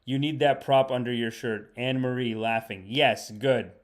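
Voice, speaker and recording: A man's voice: mid-range voice, steady tone, moderate pace. A man hosting a late-night livestream, joking and rambling while reading viewer comments. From Canada. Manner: joking, rambling, reads chat aloud. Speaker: livestream podcast host. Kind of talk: casual comedic livestream chat.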